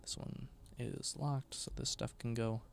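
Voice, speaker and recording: A man's voice: medium pitch, fairly even intonation, measured pace, vocal fry, a little hiss or hum. A tired man chatting casually on a live stream while building a game, often mumbling to himself.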